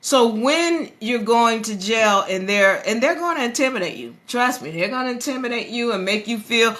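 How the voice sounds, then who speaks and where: A woman's voice: a little high, moderate pace, hardly any pauses. Chatty woman hosting a live stream. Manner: animated, chatty, breaks into sing-song bits. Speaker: host of a law stream. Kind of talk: live-stream talk to viewers. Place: live social-media stream. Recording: live stream with music playing behind.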